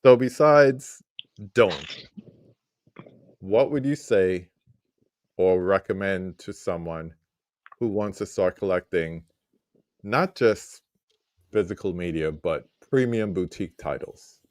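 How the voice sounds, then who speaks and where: New host with a deep voice. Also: male voice, slow, pauses often, no echo. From New York. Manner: relaxed, jokey questioner. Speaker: podcast host. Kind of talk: casual interview chat.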